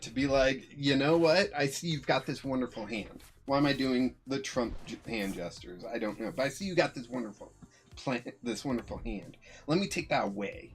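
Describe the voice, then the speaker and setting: A man casually commentating his own online card game, muttering to himself and chuckling often. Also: mid-range voice. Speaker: streamer playing a card game.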